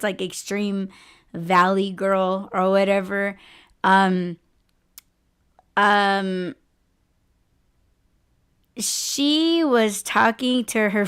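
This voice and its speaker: Slow-talking, laughing woman podcast host. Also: mid-range voice, fairly bright tone, clean tone. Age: 40s. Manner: candid and chatty, laughs often, swears freely. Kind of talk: casual chat.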